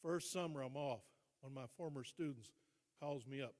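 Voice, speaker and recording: An older man, a retired teacher and coach, telling stories as a guest speaker, with dramatic pauses and repeated phrases for emphasis. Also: medium pitch, darkish tone. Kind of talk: motivational storytelling speech. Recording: long reverb in a large hall.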